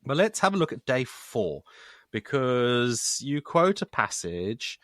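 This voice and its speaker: A man's voice: mid-range voice, very animated, slow pace, a bit bright, no echo. A man hosting a podcast interview, speaking thoughtfully and hesitantly, often restarting his sentences. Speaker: podcast host.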